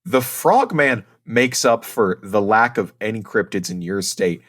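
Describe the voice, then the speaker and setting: Man, podcast co-host, from Ohio, lively intonation, playful mock-indignant banter. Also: lowish voice, measured pace. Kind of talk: casual podcast chat with read-out notes.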